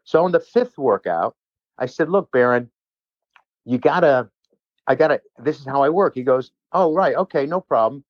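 A man's voice: mid-range voice, lively intonation, normal speed, pauses often, dry recording, muffled recording. A man, a personal trainer, telling a long rambling story in casual chat with many restarts and asides.

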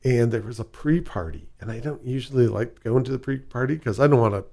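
A man with a Chicago accent tells his stories as an interview guest. His voice is gravelly and sits at mid pitch, and he rambles and restarts often. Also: expressive, a little fast, darkish tone. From southwest side of Chicago. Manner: rambling, with many fillers and restarts. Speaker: guest, whisky ambassador. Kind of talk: casual interview storytelling.

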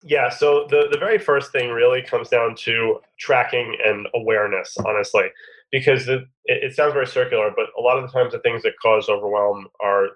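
A man's voice: medium pitch, fairly even intonation, fairly quick, fairly bright tone, highs cut off. A man with a cold and a nasal voice, talking as a podcast guest and coach in a thoughtful way. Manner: thoughtful, uses homely analogies. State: has a cold. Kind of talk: casual interview talk.

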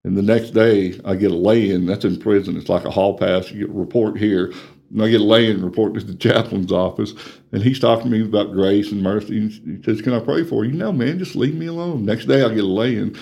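A middle-aged man, earnestly telling his life story in an interview, plain-spoken and quiet at the painful parts. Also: lowish voice, steady tone, brisk, vocal fry. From Texas, USA. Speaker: ministry coordinator.

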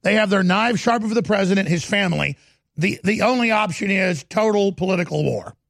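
A man's voice: high voice, animated, fairly quick, gravelly, crowd noise. A man hosting a talk show, combative and cutting in often. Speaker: host.

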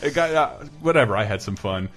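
A man hosting a podcast, chatting casually and reading listener stories aloud with lively put-on voices. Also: medium pitch, brisk. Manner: animated storyteller who puts on voices. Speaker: podcast host.

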